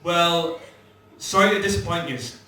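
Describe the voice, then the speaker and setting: A young man tells brash, swearing stand-up stories, his voice bright and forceful and a little high for a man. He is caught from a distance in a very echoey live club. A faint hum of the room sits behind him. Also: unhurried. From England. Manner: brash, swearing storyteller acting out quoted lines. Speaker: stand-up comedian. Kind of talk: stand-up comedy set. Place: comedy club stage before a live audience.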